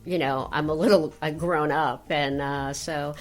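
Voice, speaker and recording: An older woman speaks in a somewhat low voice, telling rambling anecdotes full of little fillers and restarts. She sounds relaxed and conversational, as a guest on a podcast. Faint music runs underneath. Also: unhurried. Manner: chatty storyteller, trailing off with fillers. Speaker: voice actress guest. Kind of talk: casual interview chat.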